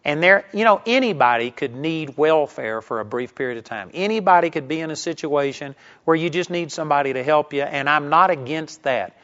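Guy preaching hard on the radio, kinda high voice, dull lo-fi sound. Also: expressive, brisk, few pauses, fairly bright tone. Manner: emphatic, repetitive preaching cadence. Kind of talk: radio sermon.

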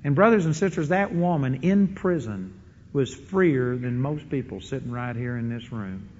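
A man preaching a sermon to a live congregation in a large hall, impassioned and slowing right down when quoting scripture. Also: medium pitch, lively intonation, a little mellow, a little hiss or hum. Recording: dull lo-fi sound with long hall reverb.

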